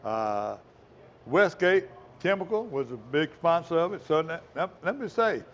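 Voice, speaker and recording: Man, fishing show host, rambling folksy chat, slightly high voice. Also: sing-song, unhurried, a bit bright, dull audio, slight background noise. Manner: rambling, folksy, talks with mouth full. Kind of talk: casual chat.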